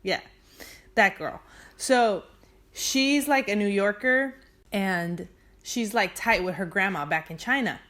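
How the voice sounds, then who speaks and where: Woman rambling thru a movie recap to her sister, lots of "like", mid-pitched voice. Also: slow pace, long pauses, fairly bright tone. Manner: chatty, filler-heavy storytelling with acted-out quotes. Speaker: vlogger. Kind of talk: casual movie recap to a sibling.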